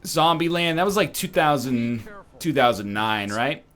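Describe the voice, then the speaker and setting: A man's voice: mid-range voice, animated, measured pace, a bit bright, soft background music. A man riffing and joking sarcastically in casual stream chat. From Canada.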